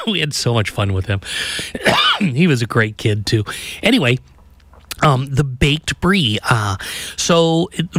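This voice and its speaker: A man's voice: mid-range voice, a bit bright, no room sound. Guy doing a cooking demo, middle-aged chef type, rambles with lots of uhs, dead dry sound. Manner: rambling, many ums and uhs, laughs at his own stories. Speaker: chef teaching a recipe. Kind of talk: casual cooking demonstration with storytelling.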